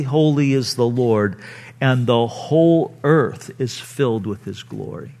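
A male pastor preaching a conversational sermon, teaching informally with frequent asides and acting out the people he quotes. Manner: acts out quoted people with raised pitch.

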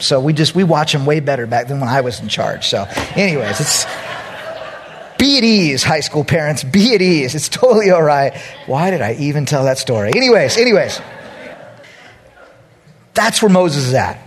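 A male pastor tells a story in his sermon with a husky, high voice. He swings his pitch widely and acts out every quote with loud, animated energy. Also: moderate pace.

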